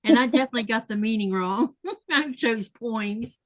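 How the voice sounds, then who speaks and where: A woman's voice: fairly high pitch, moderate pace. A woman hosting a casual sewing livestream, chatting and laughing often as she reads viewer comments aloud. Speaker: livestream host.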